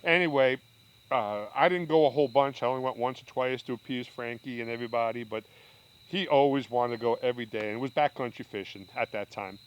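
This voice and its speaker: Older dad, chatty rambling storyteller, mid-range voice. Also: male voice, medium pitch, fairly quick, smooth, dull audio. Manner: rambling, with restarts and asides. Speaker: podcast guest, father. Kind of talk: casual storytelling.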